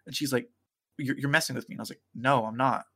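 Laughing frequently, this young co-host animatedly recounts a story during a casual chat, voicing the other characters himself. His medium-pitched delivery is fast, with vocal fry and a slightly rough edge.

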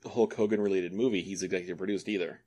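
A sardonic man cracks wry remarks on a casual movie podcast. He swears casually and sounds deadpan about it. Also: sits low, fast talker. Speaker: podcast co-host. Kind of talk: casual movie review chat.

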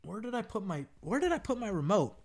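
A man at home giving loose, animated commentary on a football game, ranting and swearing casually. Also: high voice, fast talker. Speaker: sports commentator. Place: home living room. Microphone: desk microphone at home.

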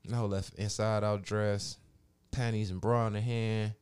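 A man telling a long profane story in casual chat, animated and mimicking other people's voices. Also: on the low side, a little slow, smooth.

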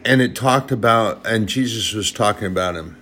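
A man's voice: lowish voice, moderate pace, a bit bright, slight background noise. A man giving an informal sermon in an earnest, plain-spoken way, turning sharply scolding at times.

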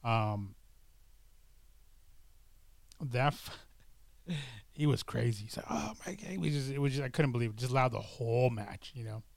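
A man's voice: medium pitch, unhurried, vocal fry, long pauses, a little mellow, no room sound. A middle-aged man chatting casually to camera, rambling and hesitant, with many fillers and restarts. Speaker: vlogger. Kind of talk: casual chat.

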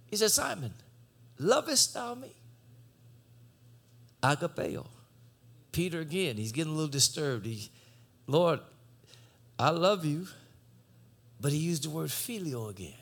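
A man preaching a sermon, swinging from shouted exhortation to low conversational teaching.

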